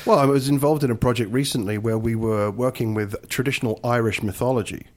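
A man, a guest on a chat show, talking in an animated storytelling way. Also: medium pitch, fast. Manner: animated storyteller, mimics accents. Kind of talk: casual chat.

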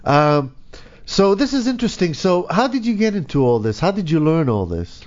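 A man hosting an interview, asking curious and gently skeptical questions in a casual way. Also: on the high side, sing-song, normal speed. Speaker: interview host. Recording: dull lo-fi recording.

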